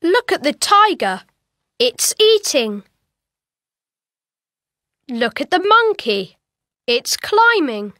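Really high bright lady reading kids lines, slow, bouncy. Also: very animated, no echo, studio quality. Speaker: course audio reader. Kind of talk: scripted reading for young learners.

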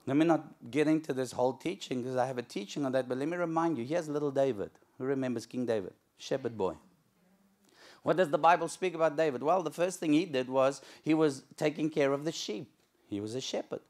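A male pastor preaching a sermon in church, telling a story with lively, acted-out moments. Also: fairly high pitch, fairly quick. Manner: animated storytelling, acts out shouting crowds.

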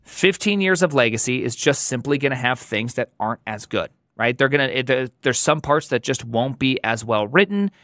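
A man talking as a podcast guest in casual tech chat, animated and opinionated, with emphatic delivery. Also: medium pitch, no echo, clean studio sound.

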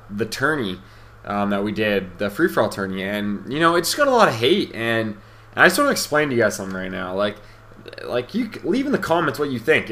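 A man's voice: mid-range voice, sharp tone. A young man giving casual, rambling commentary over gameplay, brash, boastful and full of swearing. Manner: rambling, with many fillers and restarts. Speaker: gaming commentator.

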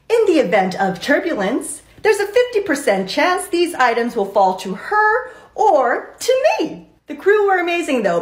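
A woman flight attendant telling comic stories with an animated, exaggerated delivery. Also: high voice, reverberant. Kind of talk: comedic storytelling vlog.

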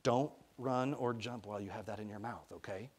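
A man voicing a gentle, patient grown man who reassures a small boy. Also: lowish voice, moderate pace, slightly rough. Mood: reassuring. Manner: soft, reassuring, sometimes whispering.

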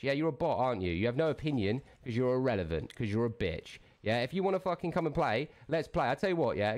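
A man's voice: medium pitch, darkish tone. A man streaming a game, launching into an aggressive, profane rant that keeps jabbing with "yeah?". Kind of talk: angry livestream rant.

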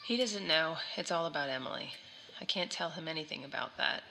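Gravelly, weary haunted mother. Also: deep voice, fairly quick, sharp tone, a little hiss or hum, exaggerated voice, poor audio. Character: troubled mother hiding a dark family secret. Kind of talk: recorded audio log in a horror game.

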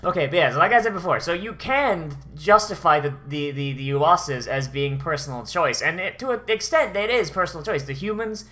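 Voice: mid-range voice, expressive, a little fast, few pauses, pushed and bright. A streamer giving rambling, profane commentary while watching an anime episode, often restarting sentences. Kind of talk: casual reaction commentary.

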